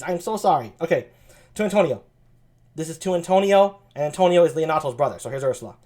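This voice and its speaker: A man's voice: on the high side, lively intonation, fairly quick, darkish tone. A man reading a play aloud on a live stream, chatty, self-deprecating and full of hesitations.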